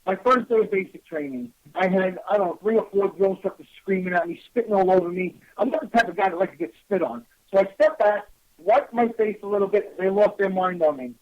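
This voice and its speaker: A man's voice: high-pitched, fast. A man with a New York accent hosting a radio show, telling stories in a blunt, salty, casual way. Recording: slightly muffled lo-fi radio audio.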